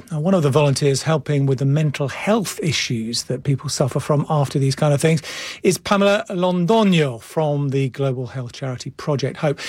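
A male news presenter reading reports and putting measured questions to guests. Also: a little high, a little mellow, husky, dry recording.

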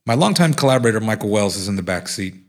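A man reading aloud from his own memoir, acting out the dialogue in lively voices. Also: fairly low pitch, rapid-fire. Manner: acts out quoted speech with lively voices. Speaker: author reading from his book. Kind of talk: live reading of a nonfiction memoir.

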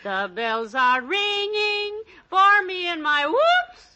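An actress playing a cheerful, gently teasing housewife in 1940s radio comedy. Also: female voice, mid-range voice, animated, moderate pace. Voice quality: warm-humored, gently teasing.

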